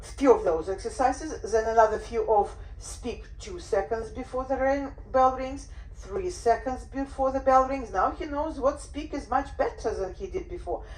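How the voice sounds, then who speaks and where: Animated woman teaching in an echoey room. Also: fairly high pitch, normal speed, hardly any pauses. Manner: animated, acts out owner and dog voices. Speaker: dog behaviour trainer. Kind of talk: workshop talk. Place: room on a cruise ship. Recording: roomy echo.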